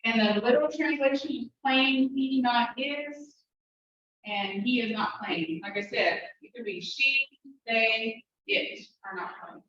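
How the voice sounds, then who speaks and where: A woman teaching an evening language class, walking students through each step with a patient, encouraging manner and speeding up when she gets excited. Her voice sits a little high. It is picked up from a distance in a strongly echoing classroom, with a dull, muffled sound and faint noise behind. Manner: talks fast when excited. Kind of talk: classroom instruction. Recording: echoey room, distant mic, muffled.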